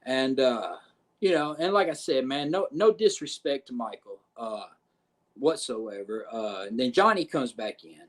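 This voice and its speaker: A man telling a backstage wrestling story on a podcast, animated and profane, acting out what others said. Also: medium pitch, a little slow. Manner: profane, animated retelling with quoted voices. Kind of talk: casual storytelling.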